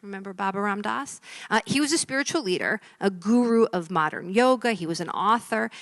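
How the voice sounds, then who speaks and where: Telling jokes to a live crowd, this woman plays the characters with shifting voices and sinks to a whisper for effect, a lively stand-up storyteller. Her voice is mid-range, with no echo.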